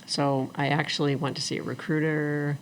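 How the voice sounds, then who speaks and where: A middle-aged woman telling her story as an interview guest, animated and acting out the people she quotes. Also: sits low, moderate pace, slight background noise. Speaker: guest, attorney and former engineer.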